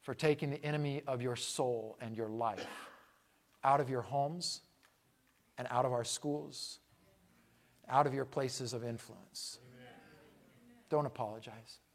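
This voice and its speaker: Speaking in an unhurried, mid-range voice with long pauses, a male pastor delivers an emphatic, repetitive sermon. He asks rhetorical questions and swings from loud proclamations to hushed remarks.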